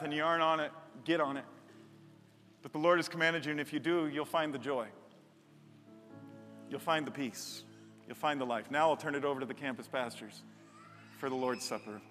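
A middle-aged man preaching a sermon as a pastor, animated and joking, building to emphatic repeated lines on a stage microphone. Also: fairly high pitch. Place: large church hall. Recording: long hall reverb.

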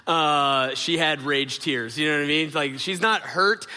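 A man's voice: on the high side, unhurried, pushed and bright. A middle-aged man preaching a conversational sermon, telling stories with many fillers and speaking straight to his congregation. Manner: storytelling, filler-heavy, addresses audience directly. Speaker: pastor. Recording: long reverb of a large hall.

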